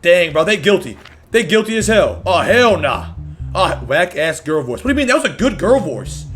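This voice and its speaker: A young man streaming a game live, reacting loudly in excitable slangy casual chat. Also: high-pitched, moderate pace, faint music behind.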